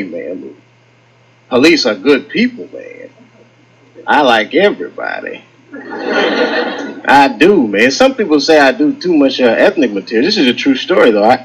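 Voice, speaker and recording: A man doing a stand-up comedy set on stage, telling stories with lively acted-out quotes. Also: mid-range voice, breathy edge, rough recording. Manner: animated storytelling with acted-out quotes. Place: comedy stage with live audience.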